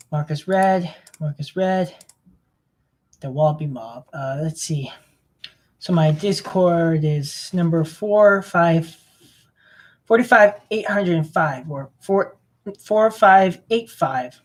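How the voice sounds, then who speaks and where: This vlogger, a young man with a fairly high voice, speaks slowly with long pauses while clicking through his computer. His screen-recording commentary is rambling self-talk full of mumbles and complaints about what he finds.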